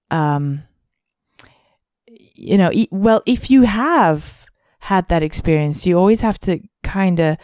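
A woman co-hosting a podcast, musing aloud with frequent pauses and restarts. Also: lowish voice, warm tone, clean tone, dry recording, studio quality. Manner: hesitant, many fillers and restarts, musing. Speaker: podcast co-host. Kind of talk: casual podcast chat.

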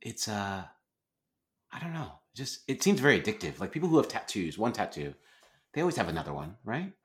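A man co-hosting a podcast in casual chat, halting and repeating words, with dry jokes. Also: fairly low pitch, sing-song, fairly bright tone. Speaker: podcast co-host.

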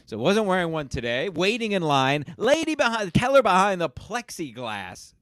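A man's voice: high voice, very animated, normal speed, dry recording, studio quality. A young man co-hosting a casual call-in show, telling a profane, ranting story. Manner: ranting, profane, builds to shouting. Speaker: podcast co-host.

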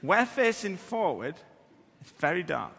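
Preacher telling stories in a big hall. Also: male voice, high voice, a little slow, creaky. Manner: animated, self-deprecating, acts out scenes. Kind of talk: humorous sermon storytelling.

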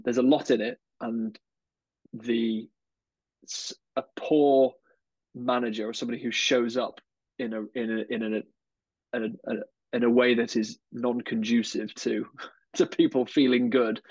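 Flat-voiced man, thoughtful coach. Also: medium pitch, husky, no room sound. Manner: thoughtful, repeats words while finding phrasing. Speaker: guest, coach. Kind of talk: conversational podcast interview. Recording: dull, slightly lo-fi dry sound.

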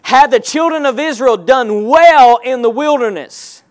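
A man preaching a sermon, calling on the congregation to answer back and stressing points with slow, emphatic delivery. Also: extremely high pitch. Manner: call-and-response preaching, rising to emphatic shouts.

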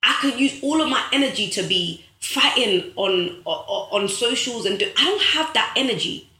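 A woman's voice: on the high side, animated, moderate pace, bright, forceful tone. Emphatic motivational woman, echoey room. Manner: preachy, emphatic, repeats phrases for effect; addresses viewers directly as guys. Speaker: host of a live stream. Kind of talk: motivational live-stream talk.

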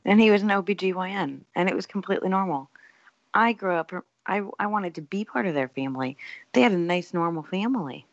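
A woman's voice: fairly low pitch, lively intonation, a little fast, lo-fi sound. A woman guesting on a casual podcast, making wry remarks.

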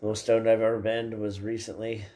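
A man's voice: fairly low pitch, flat delivery, brisk, warm tone. A man hosting a podcast, casually telling stories in a laid-back way and laughing along. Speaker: podcast host. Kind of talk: casual chat.

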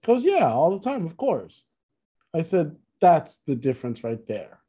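A man's voice: a little high, normal speed, breathy edge. A man in casual conversation, telling a story with lots of restarts and asides. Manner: rambling, self-correcting, animated retelling. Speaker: podcast co-host, musician.

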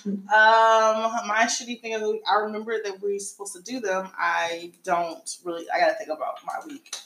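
A woman's voice: medium pitch, level tone, normal speed, a bit bright, slight background noise. A woman co-hosting a podcast in casual chat, blunt and joking, swearing as she tells stories. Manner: blunt, joking, profane storyteller. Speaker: podcast co-host. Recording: echoey room.

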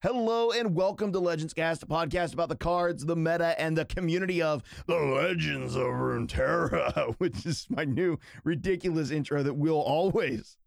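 This is a man from near Pittsburgh who hosts a casual card-game podcast and laughs easily at his own jokes. His voice sits a little high for a man and comes across dry and close to the mic. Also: moderate pace, creaky, hardly any pauses, no echo. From outside Pittsburgh, Pennsylvania, US. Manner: laughs often, relaxed and self-mocking. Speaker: podcast host.

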